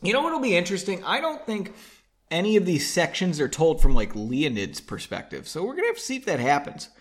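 A man hosts a casual comedic read-along, tossing off sarcastic, mocking asides between passages. His voice sits a touch high and swings around a lot. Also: huge pitch swings, fairly quick. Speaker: podcast host reading a book aloud.

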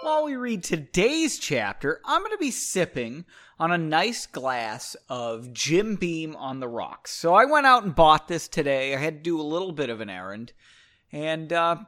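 Ranting, animated man hosting a podcast. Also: fairly high pitch, moderate pace. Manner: ranting, self-mocking, swings between loud outbursts and mumbling asides. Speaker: podcast host reading his own book. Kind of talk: casual solo podcast chat.

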